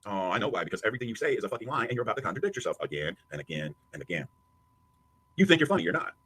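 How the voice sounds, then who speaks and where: Husky, mocking man ranting fast. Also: fairly low pitch, very animated, fairly bright tone. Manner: taunting, profane, mocking. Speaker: livestream host. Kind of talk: heated live commentary.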